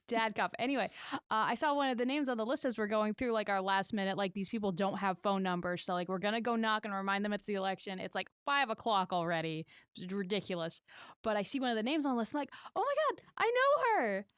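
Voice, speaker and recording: A woman's voice: mid-range voice, fast talker, clear, resonant tone, no echo, clean studio sound. A woman guest on a podcast, telling campaign stories in a chatty, rambling way with lots of fillers. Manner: chatty storyteller, many "like" fillers. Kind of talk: casual podcast chat.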